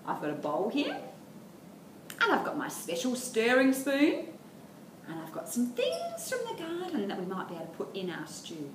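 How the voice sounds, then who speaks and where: A woman's voice: a little high, wildly swooping pitch, moderate pace, far from the mic. A woman with an Australian accent leading a toddler storytime, singing rhymes and reading a picture book in an encouraging, sing-song way. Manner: sing-song, encouraging, talking to small children. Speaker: children's librarian. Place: library room. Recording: echoey room, faint background hum.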